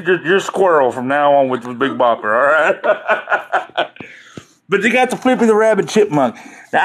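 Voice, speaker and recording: A man hosts a casual livestream, joking and rambling with his viewers while keeping things loose and laughing often. His fairly bright voice sits a little high for a man and swings widely in pitch.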